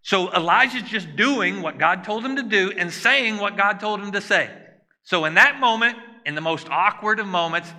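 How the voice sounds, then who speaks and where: Bright-voiced male preacher in a reverberant hall. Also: high-pitched, normal speed. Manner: conversational preaching, asks the congregation questions. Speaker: pastor. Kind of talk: sermon.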